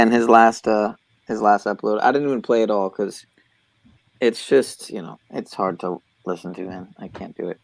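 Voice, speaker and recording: A man's voice: medium pitch, creaky, a little mellow, no echo. A man talking in a casual online panel chat, meandering and trailing off.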